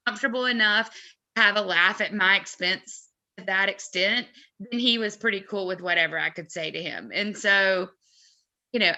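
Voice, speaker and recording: A woman in a casual live chat, telling an anecdote in an animated, chatty way. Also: fairly high pitch. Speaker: co-host of a fan merch live chat.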